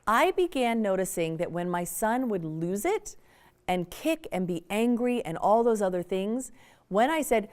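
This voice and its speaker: A woman's voice: mid-range voice, normal speed. A woman giving a conversational parenting workshop talk to an audience, often acting out examples. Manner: animated, conversational, acts out examples. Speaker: workshop speaker.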